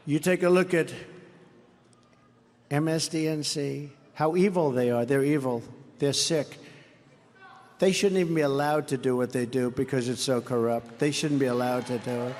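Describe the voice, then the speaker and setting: An older American man giving a boastful, mocking campaign rally speech into a podium microphone, repeating his phrases often. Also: fairly high pitch. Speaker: political rally speaker. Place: large indoor rally venue. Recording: reverberant arena sound with faint crowd ambience.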